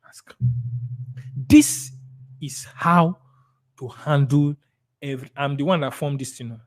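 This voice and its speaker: A man's voice: on the high side, takes it slowly, long pauses. Emphatic Nigerian man teaching sales. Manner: emphatic, repeats key words, acts out client dialogues. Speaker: sales trainer. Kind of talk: live sales training talk.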